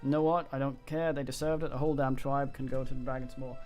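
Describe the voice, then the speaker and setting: A man's voice: medium pitch, little pitch movement, fast talker, a little mellow, soft background music, close to an everyday voice. A man voicing a proud, angry exiled female barbarian from a game, reading the lines plainly in his own voice with slips. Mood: defiant. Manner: reads dialogue aloud, stumbles on words.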